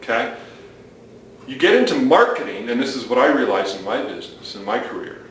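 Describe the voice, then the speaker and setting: A man's voice: mid-range voice, big pitch swings, brisk, a bit bright, a little hiss or hum. Man lecturing with jokes, far off. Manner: joking, lecturing. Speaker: co-host. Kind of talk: casual podcast chat. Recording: echoey room from far off.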